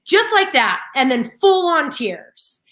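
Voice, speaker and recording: In her thirties, this woman co-hosts a casual morning live stream, speaking slowly in a high-pitched voice. She tells stories animatedly, laughing one moment and showing flashes of frustration the next.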